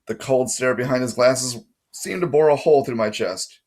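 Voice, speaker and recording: A man's voice: mid-range voice, normal speed, darkish tone. A man narrating a first-person story in a plain reading voice, now and then correcting his own slips. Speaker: audiobook reader.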